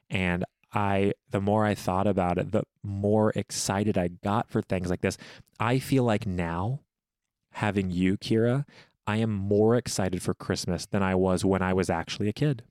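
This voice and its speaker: A young man co-hosting a home podcast with his partner, telling a story casually and jumping into high voices when he quotes people. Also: fairly even intonation, normal speed, darkish tone, dry recording, studio quality. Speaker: podcast co-host, expecting father. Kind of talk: casual chat.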